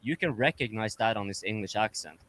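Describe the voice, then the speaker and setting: A man's voice: lowish voice, fairly quick, over a noisy crowd. A man from Norway, a regular on an online panel, talking in a rambling, self-correcting casual way. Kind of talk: casual group chat.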